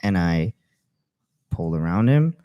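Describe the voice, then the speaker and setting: A man's voice: low voice, sing-song, unhurried, warm tone. A man co-hosting a podcast, brashly telling stories in casual chat and swearing a lot. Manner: brash storyteller, profane. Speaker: podcast co-host.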